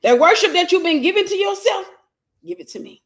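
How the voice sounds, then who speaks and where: A woman's voice: fairly high pitch, expressive, quick pace, noisy background. Woman mimicking a gushing, then demanding manipulator. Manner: gushing, then pushy and insistent. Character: flattering then demanding manipulative lover, adult.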